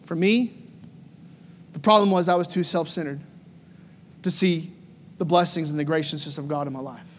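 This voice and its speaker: A male pastor preaching a storytelling sermon in an animated, conversational way, full of repetition. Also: fairly high pitch, moderate pace, long pauses, big-room sound, slight background noise.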